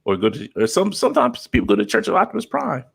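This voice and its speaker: Lively gravelly man cursing and laughing. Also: mid-range voice, fast. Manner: profane, animated, laughs often, drops into a mock ASMR whisper. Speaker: podcast co-host. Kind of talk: casual chat.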